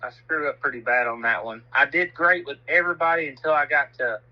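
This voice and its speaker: A man's voice: mid-range voice, fairly quick, highs cut off. A man, telling a self-mocking story in casual chat and swearing freely. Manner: laid-back, laughs at himself, swears freely.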